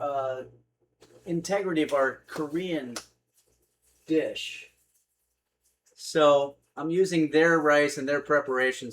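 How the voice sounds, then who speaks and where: A man with a fairly high voice hosts a casual cooking livestream from his home kitchen, rambling easygoingly with lots of fillers as he reads out viewer comments. There's slight background noise.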